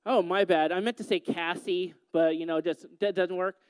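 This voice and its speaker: A man speaks to a gathering in a high, smooth voice, telling a story with a joking, teasing touch. The sound is close and dry. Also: fairly even intonation, normal speed, no room sound. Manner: playful, teasing the audience. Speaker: youth speaker.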